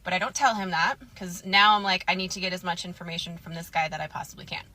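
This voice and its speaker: A woman telling a personal story to camera in a casual, animated, candid way. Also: fairly low pitch, quick pace. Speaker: storytime vlogger.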